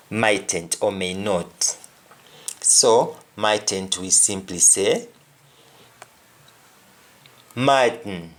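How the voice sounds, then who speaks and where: A man teaching a spoken language lesson at an unhurried, measured pace. He explains each phrase patiently and circles back to repeat key words so they sink in. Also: medium pitch. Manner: deliberate, repeats words for emphasis.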